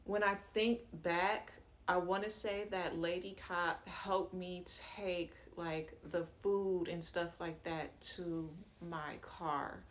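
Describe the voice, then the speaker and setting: Woman doing a storytime vlog, kinda low voice, chatty and slangy, lots of asides. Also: fairly even intonation, slow, few pauses. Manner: chatty and slangy, acts out quoted dialogue; frequent fillers and asides to viewers. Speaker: vlogger telling a story. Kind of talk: casual storytime narration.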